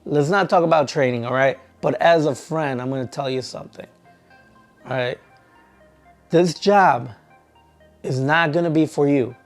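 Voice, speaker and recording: A man who trains truck drivers tells a story in a casual vlog, acting out both sides of an argument with lively energy. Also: on the high side, normal speed, long pauses, soft background music.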